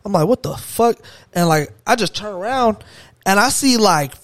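A young man with a slightly raised voice, telling a story with lots of energy and heavy slang. He gets animated and excitable as he talks. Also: high-pitched, normal speed, no echo. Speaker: podcast guest. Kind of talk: casual storytelling chat.

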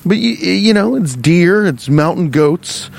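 A man hosting a comedy podcast, rambling through an improvised, profane, deadpan bit while walking along a street. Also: high voice, measured pace, creaky. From Cincinnati, US. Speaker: podcast host. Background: faint traffic.

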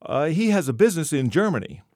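A man's voice: on the high side, very animated, quick pace, darkish tone, dry recording, studio quality, pitched above the performer's own voice. A man reading the lines of a scheming bartender in his forties, conspiratorial and hesitant.

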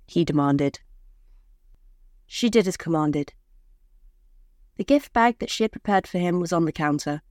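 Woman reading a sad short story, low voice, measured and somber, dry close sound. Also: animated, a little mellow, no echo. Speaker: narrator. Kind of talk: scripted story narration.

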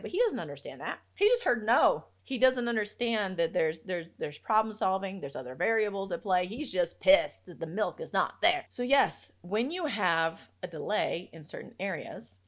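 A woman in her thirties who grew up in Africa, hosting a casual solo podcast, chatty and quick to laugh, often acting out what she said to herself. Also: mid-range voice, lively intonation, a bit bright. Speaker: podcast host.

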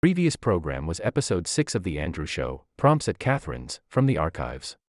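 A man reading the closing credits of a podcast in a measured, formal announcer manner. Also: low-pitched, wildly swooping pitch, no room sound. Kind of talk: scripted credits read.

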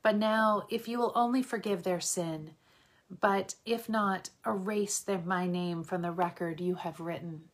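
A woman reading a scripture passage aloud in a steady, measured way, lightly voicing the quoted speech. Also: lowish voice. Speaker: Bible reader.

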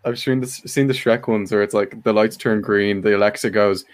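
A man's voice: fairly low pitch, fairly even intonation, fairly quick, no room sound. Young man, casual group chatter, rambling and filler-heavy, dry close sound. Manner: rambling, full of "like" fillers, laughs often.

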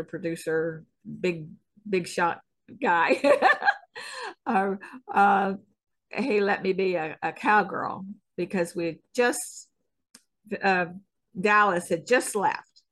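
A woman's voice: on the low side, expressive, a bit bright. A middle-aged woman with a Southern US accent, a stunt woman chatting as a guest in an easygoing, folksy way with frequent chuckles. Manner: unhurried, folksy, chuckles often. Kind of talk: casual interview chat.

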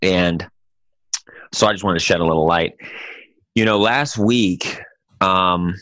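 A man with a lowish voice tells a joking story on a podcast, animated and loose, tossing in "dude" every few lines. His voice sounds close and dry on the mic, with no room sound. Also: measured pace, dry recording. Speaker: podcast co-host. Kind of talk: casual chat.

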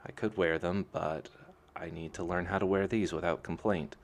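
A man's voice: low voice, steady tone, moderate pace. A man doing an unsure young novice monk. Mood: hesitant. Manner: hesitant and self-conscious.

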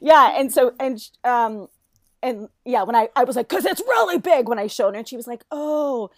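A woman in her thirties, co-hosting a podcast, telling a story in casual chat, animated, swearing freely and laughing often. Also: on the high side, moderate pace, no room sound, studio quality. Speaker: podcast co-host.

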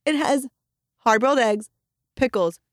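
Woman, casual podcast co-host, lively parenting anecdotes, dry close mic. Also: on the high side, unhurried, dry recording. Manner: animated storytelling, acting out her kids' voices. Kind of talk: casual chat.

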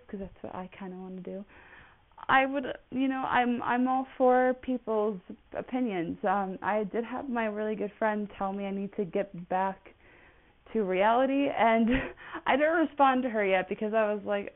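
A woman's voice: medium pitch, moderate pace. Woman in her 20s, casual rambling solo podcast, narrow phone-line sound. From United States. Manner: rambling, chatty, full of "like" fillers. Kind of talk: casual personal monologue. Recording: tinny phone-like audio.

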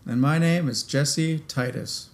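A man's voice: medium pitch, unhurried, creaky. Easygoing, playful male podcast co-host. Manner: easygoing, playful, laughs along. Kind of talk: casual chat.

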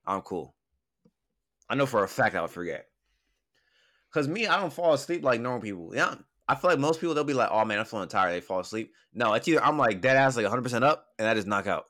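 A man's voice: medium pitch, big pitch swings, fast, a bit bright. A young man chatting casually as a podcast co-host, blunt and teasing, with lots of profanity. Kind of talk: casual chat.

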